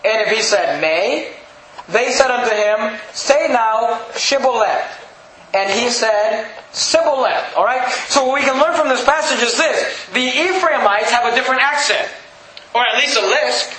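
A pastor teaching a sermon like a Bible study, reading scripture aloud and restating it casually with frequent check-ins. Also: male voice, very high voice, animated, normal speed, sharp tone. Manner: reads scripture aloud, then restates it conversationally with frequent "okay?". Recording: echoey room, faint background noise.

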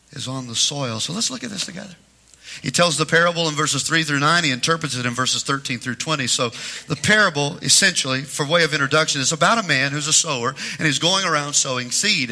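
A man preaching a sermon as pastor in a church, with a rhythmic, repetitive cadence that swings between loud emphatic peaks and low near-whispers. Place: church sanctuary.

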